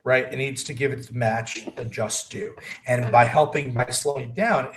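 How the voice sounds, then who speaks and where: A man guesting on a wrestling talk show, telling stories in a casual, animated way and laughing often between lines. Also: medium pitch, moderate pace, poor audio. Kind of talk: casual storytelling chat.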